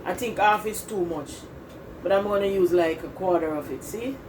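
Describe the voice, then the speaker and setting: A woman's voice: on the low side, moderate pace, background noise. Chatty woman demonstrating a recipe. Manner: chatty, talks straight to viewers and repeats herself. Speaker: cooking channel host. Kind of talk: casual cooking demonstration. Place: home kitchen.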